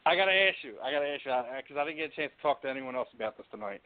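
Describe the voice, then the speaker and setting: A man's voice: mid-range voice, animated, very fast. A man hosting a casual interview, rambling with many fillers and laughing easily. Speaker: podcast host. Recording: tinny phone-like line.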